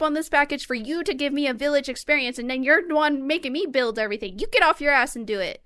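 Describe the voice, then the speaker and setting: A woman's voice: high-pitched, quick pace, hardly any pauses, sharp tone, dry recording, clean studio sound. A woman co-hosting a casual gaming podcast, ranting with heavy profanity. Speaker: podcast co-host. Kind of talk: casual chat.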